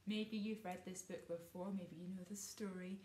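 A woman reading a picture book aloud to children, gently asking them questions along the way. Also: mid-range voice, fairly even intonation, normal speed. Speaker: storybook reader. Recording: roomy, distant mic, faint noise.

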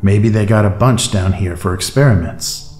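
A man's voice: lowish voice, moderate pace, a little mellow, close to an everyday voice. A man voicing an alert male soldier who calls out urgently to his captain. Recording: roomy echo, faint music bed.

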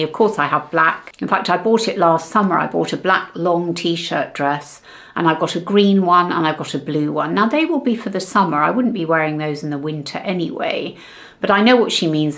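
A middle-aged woman, talking to camera in a chatty, direct way about fashion trends for her vlog. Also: fairly low pitch. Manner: chatty, warm and direct to viewers. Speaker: fashion and beauty vlogger.

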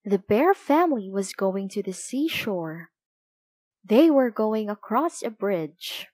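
Slow, expressive woman reading aloud. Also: medium pitch, dry recording. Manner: clear, expressive, deliberate reading. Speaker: storybook reader. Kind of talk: children's read-aloud.

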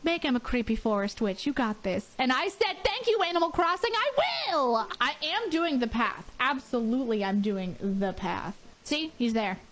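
A woman showing off her decorated game island, excitable, laughing and swearing often. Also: on the high side, moderate pace, hardly any pauses. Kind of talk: excited gaming clip.

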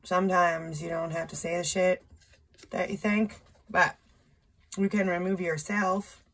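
A woman's voice: fairly low pitch, level tone, measured pace, fairly bright tone. A woman giving a casual tarot reading, chatty and loose, with profane asides. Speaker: tarot reader.

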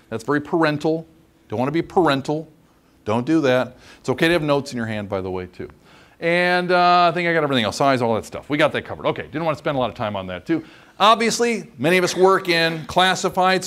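Guy lecturing a training class, pitch jumps around a lot, kinda high for a man, keeps going "okay?". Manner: chatty, demonstrative, asks "okay?" often. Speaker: instructor.

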